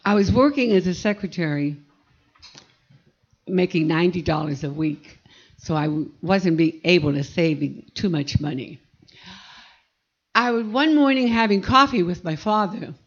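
An older woman from Pennsylvania telling a personal story from her life, vivid and animated. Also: fairly low pitch, normal speed, pauses often, highs cut off. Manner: vivid, animated recollection with acted-out quotes.

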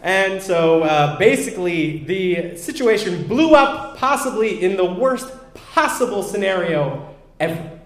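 A man's voice: high voice, animated, measured pace, reverberant. A young man candidly telling a self-deprecating personal story, acting out what people said.

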